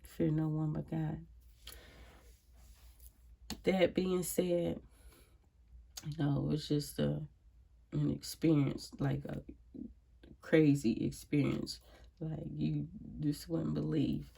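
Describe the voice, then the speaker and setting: A grieving woman speaks from her home in a casual personal monologue, her voice deeply gravelly and husky. She sounds reflective and worn out. She often sighs and calls out prayerful exclamations between thoughts. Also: flat delivery, slow pace, pauses often, mellow. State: grieving, emotionally drained. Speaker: vlogger. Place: at home, indoors.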